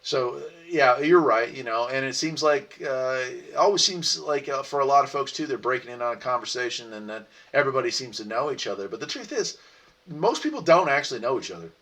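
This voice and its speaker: A man's voice: medium pitch, fairly quick. Male host, easygoing and chatty, answers viewer comments; mid-range voice, recorded a little distant. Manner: relaxed, rambling, laughs often. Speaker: livestream host. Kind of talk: casual chat reading viewer comments.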